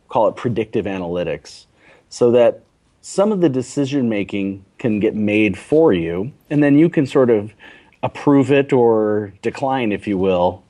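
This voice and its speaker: Man, middle-aged, executive guest, chatty, low voice, warm mellow tone. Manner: chatty, repeats "you know" and "right?". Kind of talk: casual interview talk.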